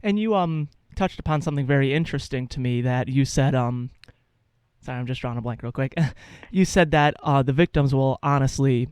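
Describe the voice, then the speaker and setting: A man's voice: mid-range voice, a little fast, a little mellow, smooth, dry recording. A young man hosting a radio interview, asking long, hesitant, rambling questions. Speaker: radio host.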